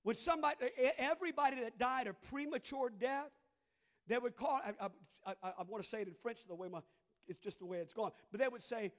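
A middle-aged man with a Cajun Louisiana accent preaching a sermon, moving between soft conversational asides and loud, drawn-out preaching. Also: very high-pitched. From southern Louisiana. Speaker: pastor.

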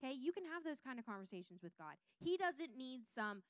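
A woman teaching a Bible lesson, reading scripture aloud with lively voiced quotes and checking in with her listeners. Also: sits high, a little fast, few pauses, clear, resonant tone, dry recording.

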